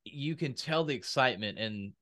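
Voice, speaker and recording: A man's voice: medium pitch, animated, moderate pace, sharp tone. A man talking casually in a podcast conversation about speaking and business, and he acts out quoted voices.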